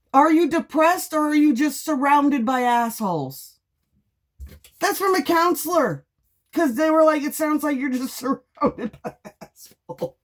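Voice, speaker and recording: A woman tarot reader venting in a heated, profane monologue, blunt and sarcastic, mocking with bursts of laughter. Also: mid-range voice.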